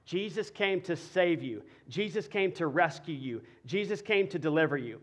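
Man, pastor, high voice, sermon delivery, swings from hushed to loud and fervent. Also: lively intonation, moderate pace. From Texas. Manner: preaching, rising to loud passionate emphasis.

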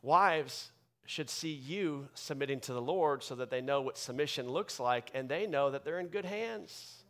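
A man pastor delivering a sermon with emphatic preaching that swings from loud bursts to quiet asides. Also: mid-range voice, unhurried.

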